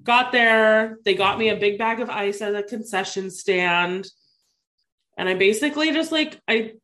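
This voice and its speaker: A woman in her thirties casually telling a personal story to a co-host, full of "like" fillers. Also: medium pitch. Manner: chatty, lots of "like" fillers, animated retelling.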